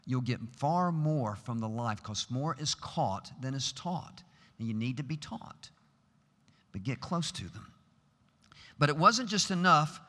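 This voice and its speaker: A man's voice: mid-range voice, sharp tone. Emphatic male preacher in a reverberant chapel. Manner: earnest, emphatic, builds to rhetorical questions. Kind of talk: sermon. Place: large chapel. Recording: long hall reverb.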